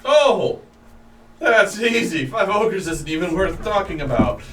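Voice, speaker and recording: Brash joking player in an echoey room. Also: male voice, high-pitched, very animated, measured pace. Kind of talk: casual tabletop game chat. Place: room at a gaming table. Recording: echoey room, distant mic, faint hiss.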